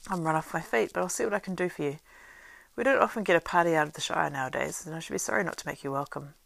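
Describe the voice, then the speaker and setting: A woman voicing a fat, bustling middle-aged male innkeeper who chatters loudly and fussily, in a story reading. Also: on the low side, gravelly, no room sound, exaggerated voice. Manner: hurried, loud and fussy chatter.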